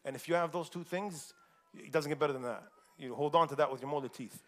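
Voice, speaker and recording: A man's voice: a little high, fast talker. A man from the United States telling a personal story in a casual, chatty way at a community forum, laughing often.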